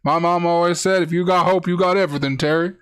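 A man doing a booming folksy football announcer. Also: steady tone, quick pace, clear, resonant tone, close to an everyday voice. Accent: mock Southern American.

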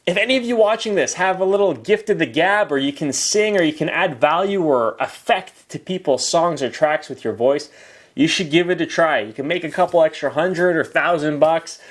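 A man's voice: a little high, expressive, normal speed. A male host giving casual, enthusiastic commentary while reviewing. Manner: enthusiastic, chatty, reads text aloud.

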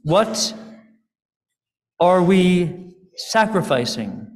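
An innocent young boy, put on by a man asks and pleads in a slightly raised, gravelly voice. His slow words trail off into the long reverb of a big hall. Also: sits high, very animated, soft background music, full character voice. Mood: questioning. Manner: pleading, questioning.

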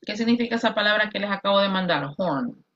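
A woman English teacher with a bright, animated, mid-range voice leads an online class over a video call. She drills words slowly and switches between English and Spanish, and the call audio is lo-fi.

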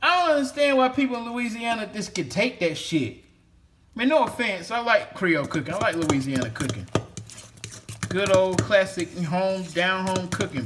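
A man's voice: high voice, lively intonation, moderate pace, fairly bright tone, slight background noise. A man in a casual cooking vlog, cursing freely and rambling while he talks to a toy. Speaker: home cook vlogger.

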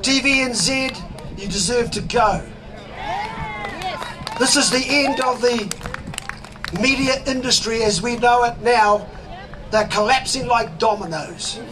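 A man with a New Zealand accent giving a fiery, preachy speech at an outdoor protest, shouting slogans. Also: very high-pitched, a little slow, pauses often. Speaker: rally speaker. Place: outdoors at a city demonstration. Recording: crowd and traffic noise outdoors.

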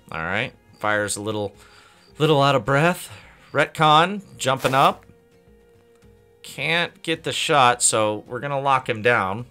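A man narrating a let's play battle with a bright, forceful, smooth voice, taking his time and cheering each fighter by name. A little game music plays faintly behind him. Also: mid-range voice.

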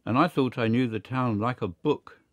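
A man voicing a gruff male park policeman who talks bluntly. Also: mid-range voice, normal speed, dry recording, natural voice.

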